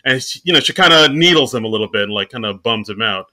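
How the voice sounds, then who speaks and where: A man co-hosting a podcast, loosely retelling movie scenes in a casual way. His voice is very bright and sits at a middle pitch, and he fills his talk with "like" and "you know". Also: quick pace. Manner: relaxed, filler-heavy retelling with "like" and "you know". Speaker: podcast co-host. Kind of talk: casual movie-recap chat.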